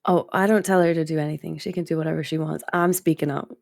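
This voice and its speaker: A woman's voice: deep voice, steady tone, fast, creaky, darkish tone, no echo, studio quality. A woman game show contestant who answers in a direct, self-assured way. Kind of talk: casual answers.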